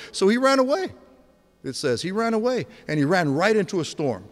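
A man in his sixties preaching a sermon, telling stories with energy and dropping to a hush for emphasis. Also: high-pitched, brisk. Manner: animated storytelling, swings from loud to hushed. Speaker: pastor. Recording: long hall reverb.

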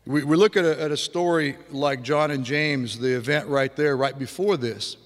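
A man's voice: a little high, normal speed. A man preaching a sermon in a loose, conversational way, with frequent restarts and vivid imitations of sounds. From grew up on a farm. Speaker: pastor. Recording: long hall reverb.

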